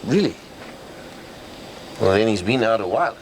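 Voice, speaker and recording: An actor playing a boastful, joking petrol station owner, full of chuckling bluster. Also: male voice, on the low side, expressive, moderate pace, slight background noise, poor audio. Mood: cocky, jokey. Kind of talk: sitcom acting.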